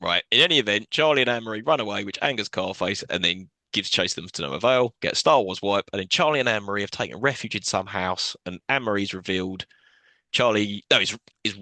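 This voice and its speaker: A man's voice: on the low side, animated, fast talker, bright, forceful tone, no room sound. Male co-host, sarcastic recap chatter, dry sound. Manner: swearing, recaps plot with sarcastic asides and jokey quoted voices. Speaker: podcast co-host. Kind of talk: casual film recap chat.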